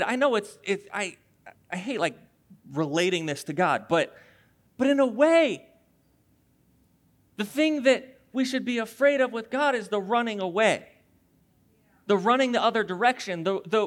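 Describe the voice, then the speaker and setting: High-voiced pastor telling a story. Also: male voice. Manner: conversational, animated storytelling with voiced asides. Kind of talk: sermon.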